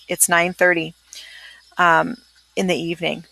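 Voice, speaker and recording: A young adult woman recording a screencast pronunciation lesson as a Spanish teacher. She talks briskly and upbeat and keeps checking in with "okay?". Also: on the low side, flat delivery, vocal fry, pushed and bright, no room sound. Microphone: computer mic, screencast.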